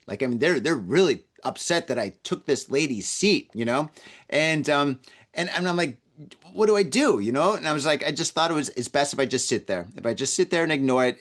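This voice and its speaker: A man's voice: a little high, fairly bright tone. Rambling casual podcast host, a man. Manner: rambling, repeats words, acts out quoted voices. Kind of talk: casual storytelling monologue. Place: lives in Tokyo.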